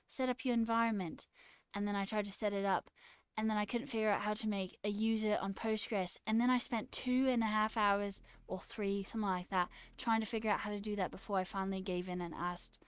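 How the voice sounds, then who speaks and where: A woman's voice: medium pitch, level tone, fairly quick, smooth, dry recording. A woman streaming casually, reading her chat aloud and chatting back, laughing often. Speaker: livestreamer and new software engineer.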